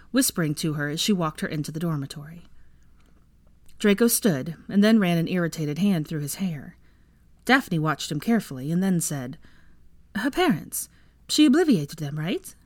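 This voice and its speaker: A woman narrates a story at an even, steady pace. Her voice sits low and is recorded close, with no room sound at all. It is a home audiobook reading. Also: no room sound. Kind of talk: fan fiction audiobook reading.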